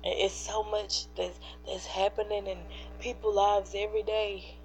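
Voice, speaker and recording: A woman's voice: medium pitch, level tone, moderate pace. Teary woman encouraging her livestream chat. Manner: earnest, preachy, speaks to chat directly. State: teary-eyed. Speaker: livestream host. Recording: dull lo-fi livestream audio with faint hum.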